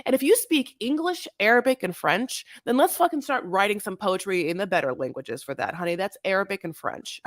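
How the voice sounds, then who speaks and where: A woman's voice: mid-range voice, fairly bright tone, no room sound, clean studio sound. A woman co-hosting a casual recap podcast, talking in a sassy way, swearing freely and calling people honey. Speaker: podcast co-host. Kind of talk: casual reality-TV recap chat.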